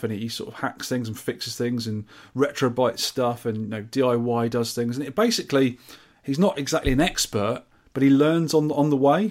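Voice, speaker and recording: A man's voice: medium pitch, darkish tone. A man co-hosting a casual podcast, chatting in a rambling, jokey way and reading out event news. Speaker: podcast co-host.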